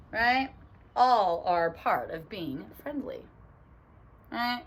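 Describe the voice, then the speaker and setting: A woman's voice: fairly high pitch, big pitch swings, measured pace, husky. A young woman teacher reading a picture book aloud to children on her phone, bubbly and chatty. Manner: bubbly and chatty, lots of "right?" asides and giggles.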